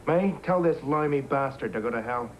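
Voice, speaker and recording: Sneering bar regular, mid pitch, played by an actor. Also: male voice, expressive, fairly quick, slight background noise, lightly acted, poor audio. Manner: sneering, insulting. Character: hostile bar regular, scornful of English.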